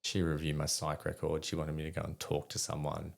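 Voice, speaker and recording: Australian veteran guest, very low gravelly voice, rambling storyteller full of fillers. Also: male voice, completely flat delivery, brisk. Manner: rambling, many fillers and restarts, acts out dialogue. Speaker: podcast guest, army veteran. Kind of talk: casual storytelling.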